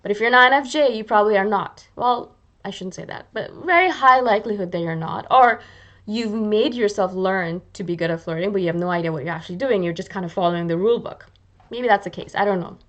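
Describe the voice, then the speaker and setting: A woman's voice: medium pitch, fast. A woman hosts her own video channel, chatting casually into the camera in a mid-range voice. She pokes fun at herself as she goes and slips into little acted-out asides. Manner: chatty and self-deprecating, acts out little quoted asides. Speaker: YouTube channel host. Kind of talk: casual talking-to-camera vlog.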